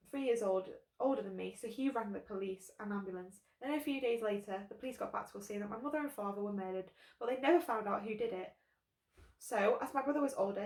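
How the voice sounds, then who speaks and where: A woman reading the part of a sad orphaned ghostly teenage girl in a quiet, tearful way, in an echoey room. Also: mid-range voice, natural voice. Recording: roomy echo.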